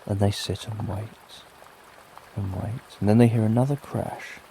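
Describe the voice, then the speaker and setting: A middle-aged British man narrating a bedtime story for sleep, gentle and lulling with plenty of repetition. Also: on the low side, steady tone, a little slow, slight background noise. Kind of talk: slow soothing bedtime storytelling. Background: soft rain.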